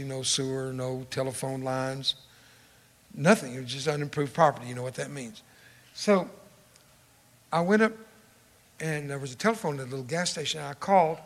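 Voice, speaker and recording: An older man spinning a humorous folksy yarn and acting out every voice in it. His voice sits a touch higher than most men's and carries a long echo from a large hall. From Texas. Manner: animated, acts out dialogue. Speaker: storyteller speaker.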